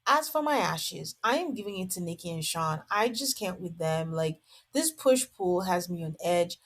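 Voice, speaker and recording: A woman's voice: on the low side, expressive, moderate pace, fairly bright tone, husky. A woman hosting a podcast, giving a casual, amused recap full of "like". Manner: chatty, amused, lots of "like". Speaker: podcast host. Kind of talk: casual reality-show recap.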